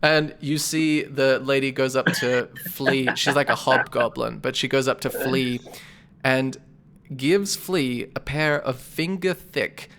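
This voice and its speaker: A game master narrating a tabletop game, relaxed, with loose narration and easy laughter. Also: medium pitch, slow pace, a little hiss or hum.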